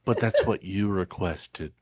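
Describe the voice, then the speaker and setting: A man voicing a grieving adventurer in a tabletop role-play, halting and stammering with emotion. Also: sits low, darkish tone, no echo, clean studio sound. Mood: pleading. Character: grieving adventurer torn over undead friends.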